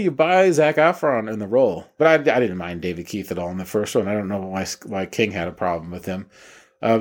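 A man's voice: mid-range voice, a little mellow. A man reviewing and comparing movies in a casual, rambling way, drifting off on tangents and swearing offhandedly. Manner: rambling and digressive, casual profanity. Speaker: film reviewer.

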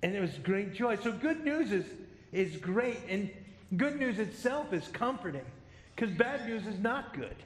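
Middle-aged male pastor, high voice, joking, conversational sermon, echoey hall. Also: very animated, measured pace. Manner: conversational, self-deprecating humor.

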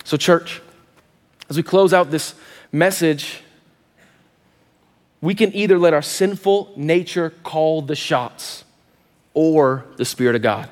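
A high-voiced man in his thirties preaching to his congregation, moving through an animated personal story with quick asides. His voice rings out with a long reverberant tail, as from a big church hall. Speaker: pastor.

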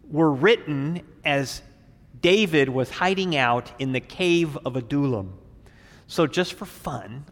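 A man's voice: mid-range voice, big-room sound. A middle-aged male pastor preaching verse by verse, telling stories with animation and voicing scripture dramatically. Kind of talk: verse-by-verse sermon.

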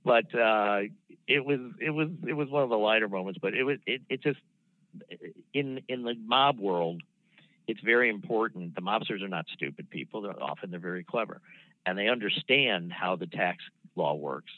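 A man in his sixties, a former prosecutor, recounting a case in a relaxed, anecdotal way with plenty of ums and restarts. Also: lowish voice, dry recording. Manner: measured, anecdotal, with frequent fillers and restarts. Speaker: former federal prosecutor, guest. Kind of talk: casual storytelling interview. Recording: dry phone-line sound.

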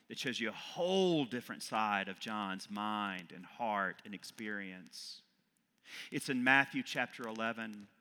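A middle-aged man, an Episcopal priest, preaching a sermon with loud emphatic peaks that fall back to quiet reflection. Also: medium pitch. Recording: long reverb of a large hall.

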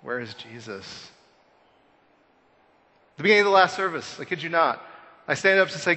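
A man in his thirties preaching a conversational Easter sermon, telling self-deprecating stories and swinging between loud and hushed. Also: a little high, animated, moderate pace, pauses often. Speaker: pastor. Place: church sanctuary. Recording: long church hall reverb.

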